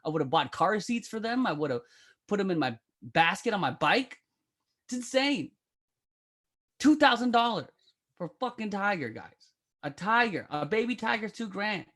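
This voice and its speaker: A man's voice: high voice, sing-song, moderate pace, long pauses, fairly bright tone. A middle-aged man doing a brash, profane, rambling stand-up bit as a guest on a live stream. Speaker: comedian guest.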